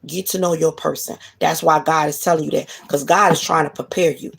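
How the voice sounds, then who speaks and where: A woman's voice: low voice, fairly even intonation, brisk, vocal fry, slight background noise. A woman delivering a blunt, profane monologue of relationship advice in a casual, preachy way. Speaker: spiritual reader.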